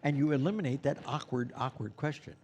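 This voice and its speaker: A man leading a class at a school for Santas, speaking to students in the room. His voice sits at an ordinary middle pitch. He rambles easily, with plenty of "you know"s, and a faint background hiss runs under him. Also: fast, darkish tone. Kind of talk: teaching a class.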